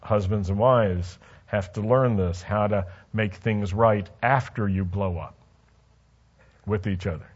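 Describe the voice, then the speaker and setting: A man's voice: on the low side, a little slow, lo-fi sound. A man preaching a sermon in a conversational way, asking the congregation questions and telling stories from his own life. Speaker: pastor.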